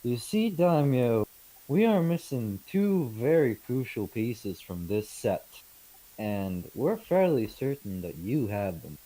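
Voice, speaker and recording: A man's voice: medium pitch, sing-song, slow pace, warm tone, no room sound, poor audio. A man voicing a bold merchant in a tabletop role-play game, speaking in a formal, persuasive way. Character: bold male British merchant, persuasive and bluffing.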